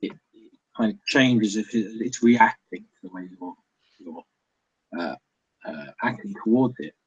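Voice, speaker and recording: A man running a tabletop role-playing game, narrating scenes haltingly with many restarts. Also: on the low side, animated, husky, lo-fi sound. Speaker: game master.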